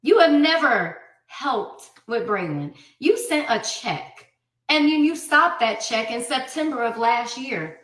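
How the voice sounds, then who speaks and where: A woman's voice: on the high side, lively intonation, slow, a bit bright. A woman in her thirties giving a blunt, profane, emphatic personal account as an interview guest. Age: 30s. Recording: roomy sound, mic at a distance.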